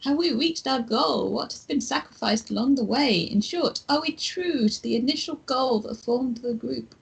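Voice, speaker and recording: A woman voicing a remorseful male German activist blogger in a video game, reading aloud with a halting mock German accent and a husky voice. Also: high-pitched, pitched above the performer's own voice, full character voice, rough recording. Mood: earnest.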